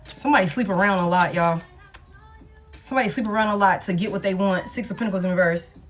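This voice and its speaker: A woman gives a casual tarot reading in a slangy, emphatic manner, repeating points and swearing freely. Her pitch is mid-range for a woman. Soft music runs faintly underneath. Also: fast talker. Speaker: tarot reader.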